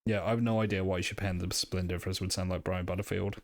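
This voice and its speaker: A man's voice: deep voice, level tone, fast talker, no echo. A man streaming a game live, muttering to himself casually, swearing and laughing often.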